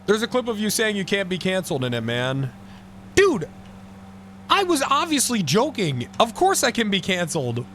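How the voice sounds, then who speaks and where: A man streaming live, chatting casually with an excitable, profane manner and mock-outraged outbursts. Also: high-pitched, normal speed, slight background noise.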